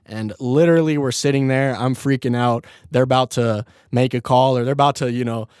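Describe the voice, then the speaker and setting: A man's voice: mid-range voice, steady tone, fairly quick, darkish tone, clean tone, no room sound, clean studio sound. A young man hosting a podcast, telling a story in a laid-back way, laughing often and swearing freely. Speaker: podcast host. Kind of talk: casual storytelling.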